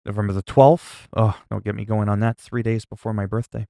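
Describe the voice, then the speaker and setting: A man's voice: on the low side, little pitch movement, fairly quick, gravelly, mellow, dry recording, clean studio sound. A man chatting casually on a game livestream, rambling, joking and reading the chat aloud into a desk mic. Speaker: gaming livestreamer.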